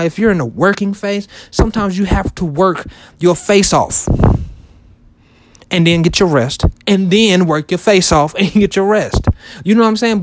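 A man's voice: high voice, noisy background. A man in his thirties talking casually to his viewers in a loose, repetitive way, full of fillers and restarts. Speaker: vlogger and shoe reseller. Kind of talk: casual motivational talk to camera.

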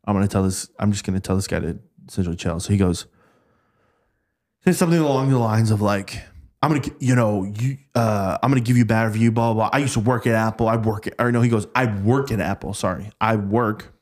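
A man with a lowish voice and quick pace recounts work stories from a past job as a podcast guest. It's casual storytelling, and he's animated, performing the voices of those he quotes.

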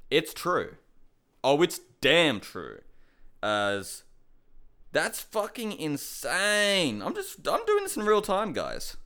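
A young man delivers fired-up commentary to his viewers, sounding disbelieving and swearing as he goes. His voice sits a touch high and comes across smooth and clear. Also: bright, forceful tone. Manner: heated, incredulous, swearing. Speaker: MMA commentator. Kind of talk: ranting commentary to camera.

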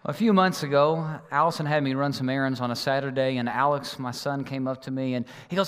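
A man's voice: mid-range voice, fast, few pauses, smooth, long reverb tail. A man preaching a sermon as a pastor, telling a story about his young son and doing little voices for him. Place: church auditorium.

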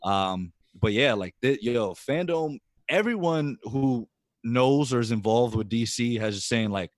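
Excitable male co-host, casual chat, dry close sound. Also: mid-range voice, measured pace, dry recording. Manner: excitable, swearing, acts out quotes. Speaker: podcast co-host. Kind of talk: casual group podcast chat.

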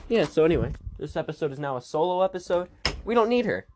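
A man's voice: fairly high pitch, sing-song, fast talker, noisy background. Goofy rambling podcast host, man. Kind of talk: casual podcast chat.

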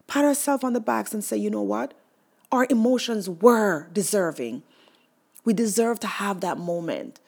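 A woman's voice: medium pitch, expressive, normal speed, vocal fry, darkish tone. A young woman telling her own story as a mother, candid and emotional, with many fillers. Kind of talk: personal testimonial.

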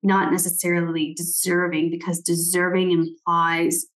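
A woman's voice: lowish voice, completely flat delivery, normal speed, a bit bright, poor audio. A woman giving a casual, reflective talk, thinking aloud as she reads passages from a book, with many "like"s and "right?"s.

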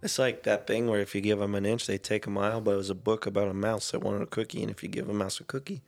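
A man in casual chat, telling a story with lively acted-out quotes. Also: fairly low pitch, fast, creaky, soft background music. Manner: animated storyteller, acts out quoted friends.

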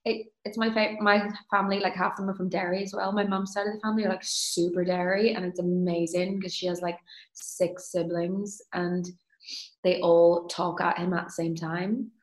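A woman's voice: on the low side, little pitch movement, moderate pace. Woman, actor guest, easygoing and laughing, echoey room. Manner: easygoing, laughs often, self-deprecating. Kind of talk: casual interview chat. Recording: roomy echo.

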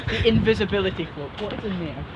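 A man's voice: sits high, quick pace, over a noisy crowd. A young man, co-hosting a podcast as casual banter while walking around town outdoors, jokey and playful. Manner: jokey, playful, says epic a lot. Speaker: podcast co-host. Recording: loud wind noise, dull lo-fi sound.

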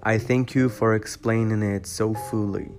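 Man reading as a proud stiff gentleman, storybook, deep even voice, haughty, guitar music behind. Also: a little slow. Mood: bitter.

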